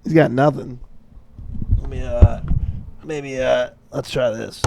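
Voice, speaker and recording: A man's voice: medium pitch, steady tone, slow, vocal fry, noisy background. A young man from the upper Midwest co-hosting a podcast, rambling in a mock-serious, swearing comedic chat. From upper Midwest of the United States. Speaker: podcast co-host.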